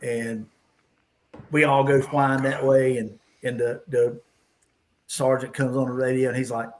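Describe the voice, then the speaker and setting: A man's voice: mid-range voice, flat delivery, measured pace, long pauses, slight background noise, rough recording. A man hosting a casual hangout and telling rambling police stories, laughing as he goes. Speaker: host. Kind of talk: casual storytelling, police anecdotes.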